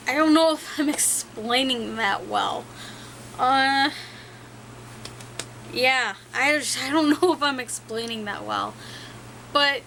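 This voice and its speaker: A woman's voice: on the high side, pushed and bright, slight background noise, rough recording. A young woman talking frankly to the camera in a rambling, self-mocking way. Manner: rambling, frank, laughs at herself. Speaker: vlogger. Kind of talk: casual talk to camera.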